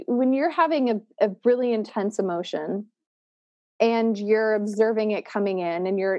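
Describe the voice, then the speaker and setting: A woman's voice: mid-range voice, mellow, no room sound, muffled recording. A woman hosting, thoughtfully summarizing her guest's points and asking probing questions. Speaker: podcast host. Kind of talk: reflective interview talk.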